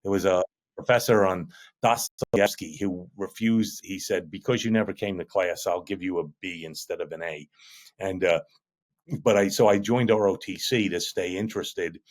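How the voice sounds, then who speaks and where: A man being interviewed as a guest, recounting his past in a measured, matter-of-fact way. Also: deep voice. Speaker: guest, attorney and army veteran. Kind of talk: conversational interview.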